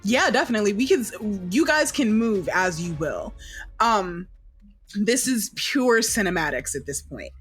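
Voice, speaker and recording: A woman running a tabletop game as dungeon master, narrating slowly in a casual, descriptive way. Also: mid-range voice, big pitch swings, a bit bright, husky, soft background music. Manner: slow, descriptive, casual swearing.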